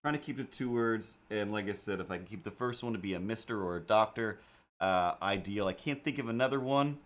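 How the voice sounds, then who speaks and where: A man with a brisk, somewhat low voice hosts a laid-back drawing livestream as an artist. He rambles and jokes, filling his talk with fillers and side comments.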